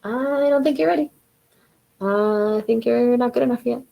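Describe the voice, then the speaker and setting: A woman's voice: on the high side, moderate pace, gravelly, lo-fi sound, pitched above the performer's own voice. A woman voicing a sly, discouraging inner gremlin that doubts the listener. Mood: doubting. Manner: teasing, doubtful.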